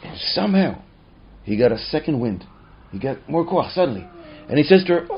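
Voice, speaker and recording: A man's voice: mid-range voice, very animated, a little fast, husky. Rabbi guy telling a story, voice goes up and down a lot, kinda muffled audio. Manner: dramatic storyteller with repeated phrases. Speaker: rabbi teaching. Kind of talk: storytelling lesson. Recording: dull muffled recording.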